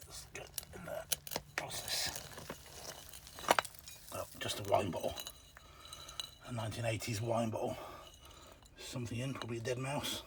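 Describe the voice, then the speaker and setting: A male vlogger, breathless from bending, narrates casually while digging an old shelter in an outdoor pit and filming on a handheld camera, his chatty remarks often muttered or trailing off. His mid-range voice is steady at a moderate pace with long pauses, and the audio is very noisy.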